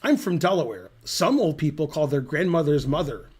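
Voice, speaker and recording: Middle-aged male chess commentator, slightly high voice, dry and digressive, casual rambling delivery. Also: big pitch swings, moderate pace, breathy edge.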